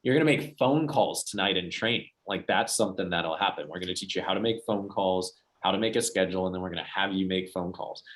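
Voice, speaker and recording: A young man talks fast in a lowish voice as he runs a sales training session. He tells stories to the trainees and acts out each person's lines. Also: a bit bright. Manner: storytelling, acts out quoted voices. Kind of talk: motivational training talk.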